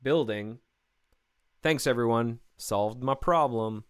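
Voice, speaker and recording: A man's voice: mid-range voice, slow pace, clear, resonant tone. A man live-streaming his coding work, talking through each step casually with many fillers and restarts.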